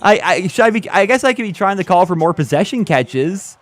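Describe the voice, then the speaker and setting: A man's voice: sits high, animated, a little fast. Exasperated young man commenting on his game. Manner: flustered, exasperated, laughing at his own bad luck. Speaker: gaming YouTuber.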